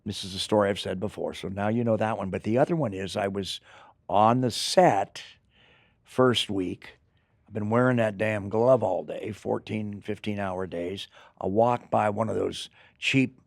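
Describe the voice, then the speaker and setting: An older man, an actor, telling rambling, animated stories in an interview, with acted asides. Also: lowish voice, vocal fry, no room sound, clean studio sound. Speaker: actor guest. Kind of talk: anecdotal interview storytelling.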